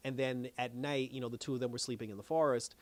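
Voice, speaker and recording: A man casually recapping a TV episode as a reviewer, rambling with many fillers and quoting characters in quick put-on voices. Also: mid-range voice, fairly even intonation.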